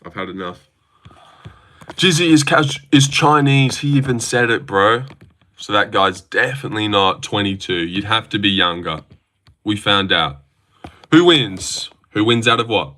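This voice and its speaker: Young man, live stream chat reading, sarcastic, swears a lot, bright tense voice. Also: fairly low pitch, animated, unhurried. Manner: sarcastic, argumentative, swears freely.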